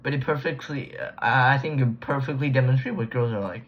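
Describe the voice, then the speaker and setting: A man's voice: mid-range voice, a little fast. A man casually recapping a book he read, using slang, restarting sentences and trailing off. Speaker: book reviewer. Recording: dull lo-fi recording.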